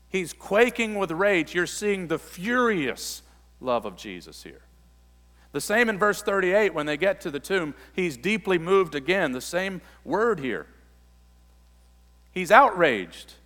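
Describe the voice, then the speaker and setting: A man preaching a sermon, reading scripture aloud and then explaining it, building to emphatic, forceful peaks. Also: a little high, big-room sound. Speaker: pastor.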